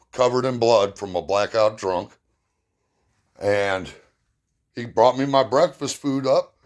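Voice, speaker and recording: A man telling personal stories in a blunt, plain-spoken way, with emphatic retelling. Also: medium pitch. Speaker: storyteller. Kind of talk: personal storytelling.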